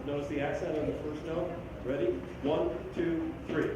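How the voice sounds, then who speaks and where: This school band leader has a fairly high pitch that barely moves, and he speaks at normal speed while singing rhythms on syllables and counting the group in. The recording sounds echoey and far off, with noise in the background.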